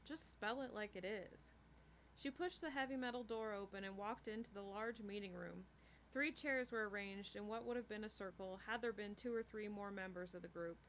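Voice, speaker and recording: A woman reading a novel chapter aloud in a steady storytelling way. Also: medium pitch, normal speed, slight background noise. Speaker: book reader.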